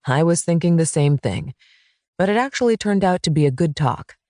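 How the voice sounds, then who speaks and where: Woman voicing a low, sincere male quarterback for an audiobook, dry close recording. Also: expressive, normal speed, mellow, no echo, natural voice. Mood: earnest. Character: earnest romantic quarterback man, single dad.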